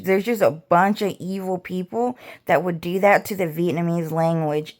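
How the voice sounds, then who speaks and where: A woman vlogger ranting casually, rambling and swearing as she repeats herself. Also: on the low side. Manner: rambling, profane, repetitive.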